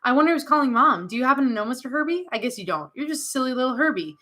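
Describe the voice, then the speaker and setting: A woman's voice: high voice, expressive, rapid-fire, pushed and bright, exaggerated voice. A woman voicing an innocent, chatty little girl in an eager, sing-song manner. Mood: playful.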